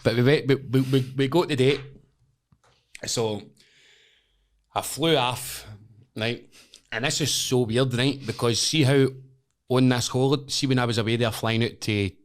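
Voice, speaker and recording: A young Scottish man tells stories in a lively, unfiltered way, full of swearing. He keeps slipping into other people's voices as he goes, in a relaxed podcast chat at a middle pitch. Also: measured pace, pauses often. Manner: animated, swearing, acts out voices. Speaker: podcast guest, wrestler. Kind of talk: casual storytelling chat.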